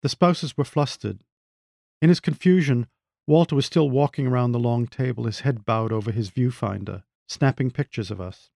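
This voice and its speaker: A man reads his own short story in a measured, wry manner. His voice is gravelly, at an ordinary pitch. The close, dry recording has no room around it. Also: mellow, no echo. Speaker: author reading his story. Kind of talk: literary reading.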